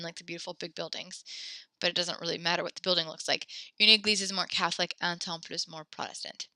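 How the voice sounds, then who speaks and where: A woman's voice: on the low side, bright, forceful tone, no room sound. A woman teaching a French vocabulary lesson in a chatty, digressive way, with many fillers and self-corrections. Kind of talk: recorded classroom lesson.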